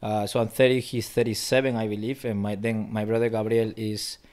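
Appearing as a guest philosopher in a casual interview, this thirtysomething man from Peru talks reflectively in his native Spanish, his accent a blend of Peruvian and Spanish. He speaks fairly quickly in a fairly low, slightly mellow voice with little pitch variation, frequently restarting and filling pauses.

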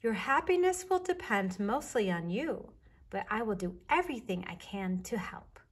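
A woman voicing a patient mother bear in a children's storybook reading, calm and reassuring as she kindly explains things, with a breathy voice. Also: mid-range voice, normal speed. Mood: gentle, reassuring.

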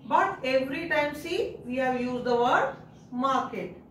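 A woman's voice: sits high, animated, unhurried, fairly bright tone, a little hiss or hum. A woman teacher, patiently guiding young children through a writing lesson, repeating and spelling words out. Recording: echoey room, mic at a distance.

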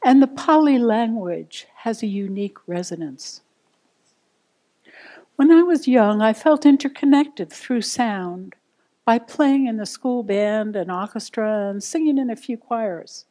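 Woman, meditation teacher, dharma talk, higher voice, very slow. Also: expressive. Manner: gentle, unhurried, guiding.

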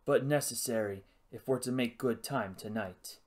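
A man's voice: mid-range voice, moderate pace, natural voice. A haughty aristocratic count from a storybook, played by a man reading aloud. He speaks in a clipped, disdainful way. He stays stern throughout.

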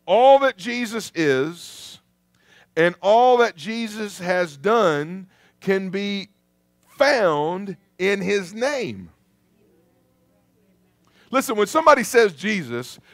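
A man preaching a sermon in a church, lively and conversational, calling out to the congregation. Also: high-pitched, dry recording. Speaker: pastor. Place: church sanctuary.

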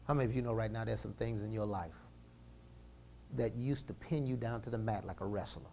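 A man preaching a sermon, calling out to his congregation for responses and swinging from fervent shouting to low, intimate talk. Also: fairly quick, creaky, slight background noise.

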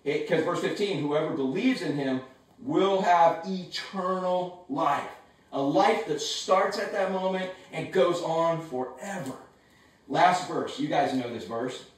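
A man preaching a sermon from his home in a casual, animated way with slangy asides. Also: on the high side, unhurried, very echoey, recorded from a distance, poor audio. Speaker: pastor.

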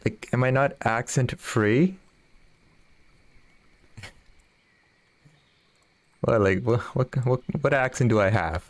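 A man's voice: mid-range voice, takes it slowly, long pauses, no room sound. A man chatting casually with viewers while streaming a fishing game, often laughing and reading their messages aloud. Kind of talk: casual live-stream chat.

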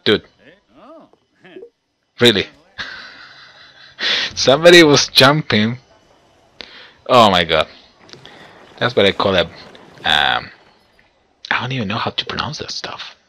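Man, let's play commentator, deep husky voice, very forceful delivery, excitable, chatty with viewers. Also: unhurried, pauses often. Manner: excitable, talks to viewers, chuckles often. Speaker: gameplay commentator.

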